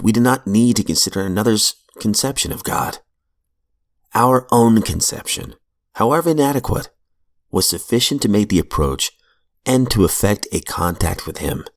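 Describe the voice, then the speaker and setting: A man reading aloud from a recovery book in a measured, earnest way, with brief asides, into a close mic in a small room. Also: deep voice, vocal fry. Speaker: reader of recovery literature.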